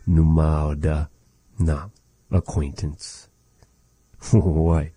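Man, very low dark voice, unhurried patient teacher repeating words, dry close mic. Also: fairly even intonation, dry recording. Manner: slow, patient, repeats each word, folksy asides. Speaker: language teacher. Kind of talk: slow vocabulary lesson with repeated words.

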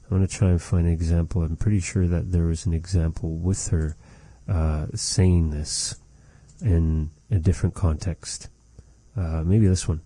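A man's voice: sits low, steady tone, warm tone, slightly rough, no room sound. A man teaching phrases of a language in a patient, repetitive lesson. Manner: slow, patient, repeats phrases for practice.

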